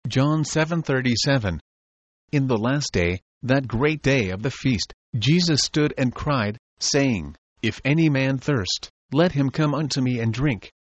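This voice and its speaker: A man reads an old sermon text aloud at a steady, middle pitch, phrase by phrase, with deliberate pauses. The recording is dry and a little muffled, with no room sound. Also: dry recording. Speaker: reader of an old religious treatise. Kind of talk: measured reading of a sermon text.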